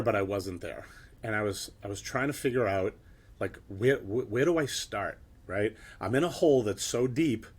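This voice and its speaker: A man's voice: fairly low pitch, slightly rough. A middle-aged man giving a motivational talk, telling his own story bluntly, swearing and tagging points with "right?". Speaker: keynote speaker.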